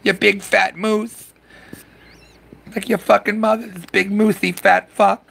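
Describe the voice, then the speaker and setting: A man putting on the voice of his foul-mouthed nagging wife, shrill and insulting. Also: little pitch movement, a little slow, vocal fry, a bit bright, breathy edge, exaggerated voice. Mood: scolding.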